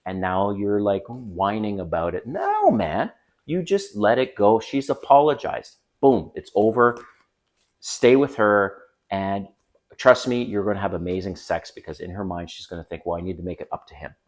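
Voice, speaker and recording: Low-voiced man giving blunt dating advice. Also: very animated, measured pace. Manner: direct, conversational, acts out quoted lines. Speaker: dating coach. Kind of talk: advice to camera.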